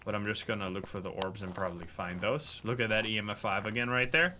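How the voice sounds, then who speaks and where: A man streaming a ghost-hunting game, chatting casually, mumbling then bursting into loud excited outbursts and swearing. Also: lowish voice, fast talker, a little hiss or hum. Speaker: streamer playing a horror game. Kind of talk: casual livestream commentary.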